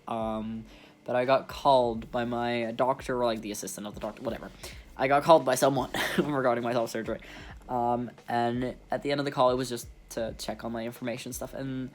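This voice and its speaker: A man's voice: medium pitch, a bit bright. A young adult man talking candidly in a personal vlog, rambling with restarts and nervous laughs. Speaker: vlogger.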